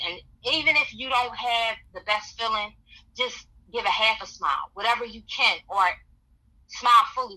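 A woman's voice: mid-range voice, bright, forceful tone, poor audio. A woman speaking as a podcast guest, giving earnest, encouraging advice and repeating affirmations. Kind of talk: motivational advice.

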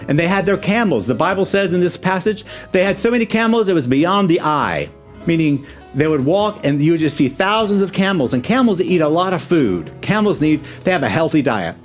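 A man preaching a sermon, lively and acting out the Bible story as he tells it. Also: on the high side, a little fast, soft background music. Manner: animated preaching that acts out the scripture. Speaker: pastor.

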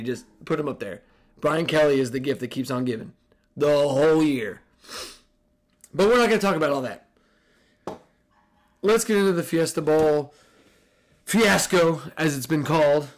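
A man hosting a casual sports podcast, talking in a sarcastic, profane and excitable way. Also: fairly high pitch, moderate pace, pauses often. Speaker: podcast host.

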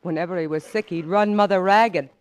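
An actress playing a cheerful young housewife who talks and sings in a bright, sing-song way in an old musical film comedy. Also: female voice, on the low side, a little fast, close to an everyday voice, poor audio. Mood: amused. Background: orchestra.

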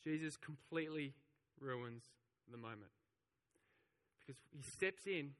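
A man's voice: fairly high pitch, animated, unhurried, a bit bright, in a large hall. A man preaching a sermon, telling the story with animation and acting out the voices of the crowd. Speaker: pastor.

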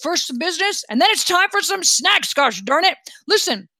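A woman doing a big, jolly old king who gushes and chuckles through every grand proclamation, pitched noticeably higher than her own voice. His voice is bright and forceful, and the recording is close and dry, with no room around it. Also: sing-song, normal speed, no room sound, heavily acted. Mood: grandiose. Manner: gushing, exclamatory, chuckling. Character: huge jolly blustering old male king, snack-loving.

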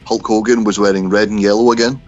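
A man's voice: lowish voice, little pitch movement, fast, over music. A man, co-hosting a casual podcast chat and going through old events at an easy pace. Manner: laid-back, chatty, swears. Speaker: podcast co-host. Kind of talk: casual chat about wrestling history. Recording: slightly dull lo-fi audio.

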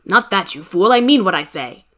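A woman's voice: medium pitch, expressive, moderate pace, a bit bright, natural voice. A woman reading the part of an earnest, impatient wealthy man who talks insistently and urgently.

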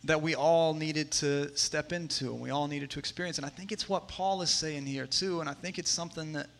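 A man in his thirties preaching a sermon in a conversational way, moving between hushed asides and emphatic stretches. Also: on the high side, fairly even intonation, fairly quick, gravelly. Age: 30s. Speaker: pastor.

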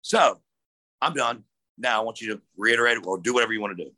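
A man's voice: fairly low pitch, quick pace, dry recording, low-quality recording. A man hosting a podcast, a wrestling referee, telling a story casually and acting out quoted lines with plenty of swearing. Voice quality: animated, swears freely, acts out quotes.

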